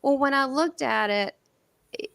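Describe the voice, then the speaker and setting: A woman with a Southern American accent telling stories in an interview, lively and laughing often, with many restarts. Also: high-pitched, measured pace, vocal fry, no room sound. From southern United States. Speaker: guest medium. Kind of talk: animated storytelling in an interview.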